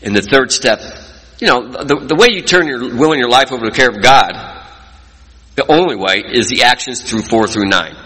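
A man's voice: medium pitch, lively intonation, normal speed, pushed and bright, breathy edge. A man sharing his recovery story in an earnest, folksy storytelling way at a meeting. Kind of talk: personal testimony talk. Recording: long hall reverb.

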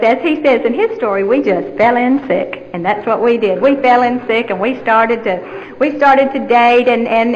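A middle-aged woman telling her own recovery story candidly, with steady repetition in her phrasing. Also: a little high, lo-fi sound. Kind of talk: personal testimony.

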